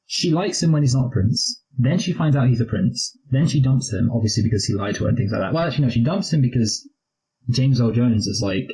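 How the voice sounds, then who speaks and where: This movie review co-host is a young man with a warm, expressive, mid-range voice who talks fairly quickly. The audio is poor, and his chat rambles, cracks jokes, and drifts into posh impressions.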